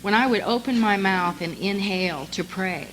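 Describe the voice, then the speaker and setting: A woman's voice: medium pitch, normal speed, a little hiss or hum, low-quality recording. A woman telling her own recovery story at a convention, in a conversational way, acting out both sides of old conversations. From United States. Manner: conversational storytelling, quotes others with animated voice shifts. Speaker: speaker sharing recovery story. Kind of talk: conference talk.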